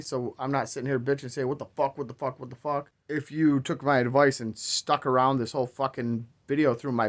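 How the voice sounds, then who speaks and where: A man hosting a crypto video, talking in a profane, exasperated, rambling rant with sarcastic asides. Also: medium pitch. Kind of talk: ranting casual commentary.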